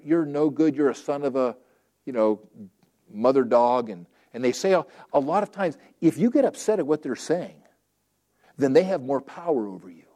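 A man's voice: fairly high pitch, mellow. A man preaching a sermon in a conversational, folksy way, acting out quotes and repeating phrases for emphasis. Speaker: pastor.

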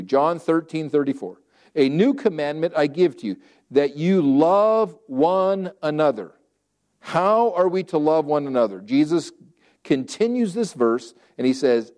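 A man's voice: a little high, expressive, moderate pace, darkish tone. Folksy man preaching a conversational sermon. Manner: repeats phrases for emphasis. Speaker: pastor.

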